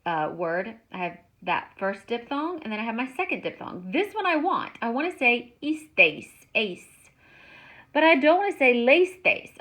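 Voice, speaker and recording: A woman teaching a Spanish grammar lesson, explaining slowly and stretching words out to show how they sound. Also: on the high side, a bit bright.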